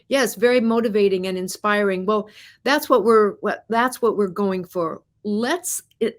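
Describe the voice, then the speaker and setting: An encouraging woman hosts a live money podcast in a medium-pitched voice. She speaks straight to her viewers and asks them question after question. She often repeats words and restarts her phrases as she goes. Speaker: host.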